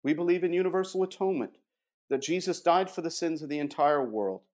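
A man giving a measured, emphatic theological explanation and reading passages aloud. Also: fairly high pitch, a little mellow. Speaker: guest presenting doctrine. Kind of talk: explanatory theological talk with read quotations.

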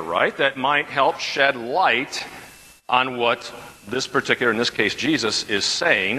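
A man's voice: on the high side, sharp tone, big-room sound, rough recording. A man teaching a Bible class as a pastor, talking conversationally and repeating questions from the class.

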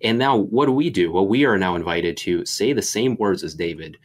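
Male pastor, deep voice, conversational Bible talk, thoughtful and rambling. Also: animated, moderate pace. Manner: reflective, meandering with many fillers.

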